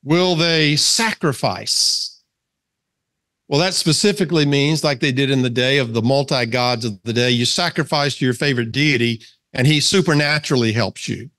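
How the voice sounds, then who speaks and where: A man's voice: mid-range voice, a little fast, fairly bright tone. A man with a Southern American accent teaching a men's Bible study in a casual, conversational way, asking his listeners questions and reading scripture aloud. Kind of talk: casual sermon to a men's group.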